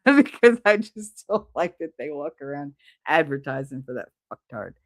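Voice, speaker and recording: A woman's voice: deep voice, sing-song, measured pace, no room sound, studio quality. A middle-aged woman hosting a livestream, talking in a rambling, candid way with lots of fillers and the odd swear word. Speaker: livestream host. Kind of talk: casual chat.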